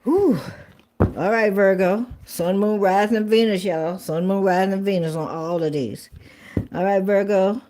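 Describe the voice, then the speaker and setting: A woman's voice: mid-range voice, a little slow, mellow. A woman giving a casual tarot reading to viewers, chatty and blunt. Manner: chatty, blunt, swears, colloquial, repeats phrases. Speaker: tarot reader.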